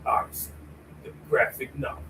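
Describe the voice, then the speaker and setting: A man's voice: moderate pace, far from the mic, background noise. A man ranting casually in a mocking, slangy way.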